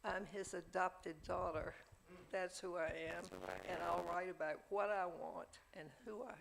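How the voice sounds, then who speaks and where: An older woman telling a personal story on stage, slow and emphatic, rising into theatrical recitation. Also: on the low side, steady tone, creaky, a crowd in the background, poor audio.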